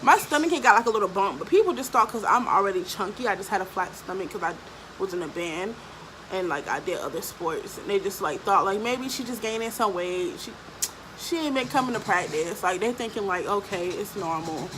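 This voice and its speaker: A woman's voice: mid-range voice, brisk, background noise. A young adult woman telling a personal story for her vlog, blunt and profane, with lots of fillers. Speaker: vlogger.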